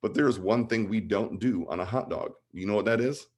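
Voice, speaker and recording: A man in his forties from Illinois chats as a podcast guest. His voice sits very low, and he tells rambling, enthusiastic stories. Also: brisk, husky. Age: 40s. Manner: animated, rambling, enthusiastic storyteller. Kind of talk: casual interview chat.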